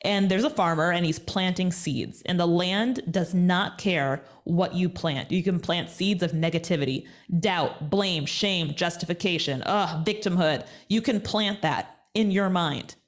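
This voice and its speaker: A woman guest in an interview, talking in an energetic, emphatic, motivational way. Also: on the low side, unhurried, few pauses. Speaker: guest, media personality. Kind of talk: conversational interview.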